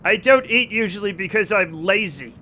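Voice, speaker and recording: High-voiced joking male streamer. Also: animated, normal speed, sharp tone, slight background noise. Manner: joking, profane, bursts into laughter. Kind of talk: casual chat with live viewers.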